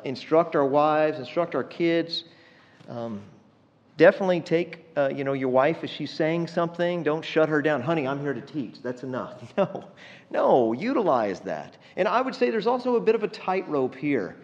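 A man's voice: medium pitch, a little mellow, long reverb tail, highs cut off. A man preaching a sermon as pastor, talking in a conversational way with many fillers and small laughs.

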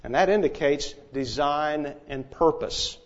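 Slow, measured preacher, somewhat high voice. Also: male voice, highs cut off. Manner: measured, deliberate, emphatic teaching. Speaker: pastor. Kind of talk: expository sermon.

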